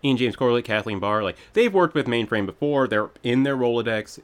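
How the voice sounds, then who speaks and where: Two hosts chat about a film, and this one has a medium-pitched, animated voice and a brisk pace. Casual and wry, he picks the movie apart with critical jabs and rambling asides.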